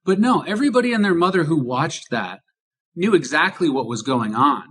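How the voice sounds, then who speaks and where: A man's voice: fairly high pitch, lively intonation, brisk, fairly bright tone, slight background noise. A male podcast host speaks in a slightly raised register. He drives home political commentary with emphatic rhetorical questions.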